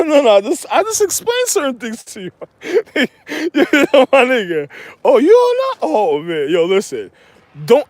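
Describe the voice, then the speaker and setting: A man's voice: high voice, dry recording. A man telling rambling stories in a casual monologue, laughing through his words and repeating himself. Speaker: storyteller.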